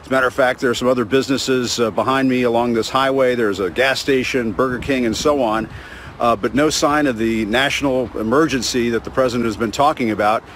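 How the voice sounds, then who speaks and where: A man reporting from outdoors by a highway, speaking haltingly with many fillers. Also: fairly even intonation, fairly bright tone, a little hiss or hum. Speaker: field reporter. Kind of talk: on-location report.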